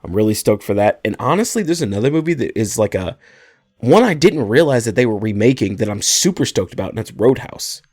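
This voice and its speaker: A man with a fairly low voice co-hosts a casual movie podcast. He explains things with enthusiasm, and his pitch swings widely. The recording is dry and close. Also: expressive, fairly quick, a little mellow, no echo. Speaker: podcast co-host. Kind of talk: casual chat.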